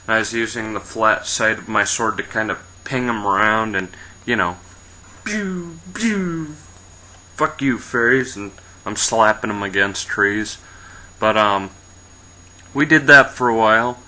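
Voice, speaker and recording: A man's voice: lowish voice, sharp tone, rough recording. A man casually telling an improvised fantasy adventure story, rambling and swearing, briefly voicing his characters.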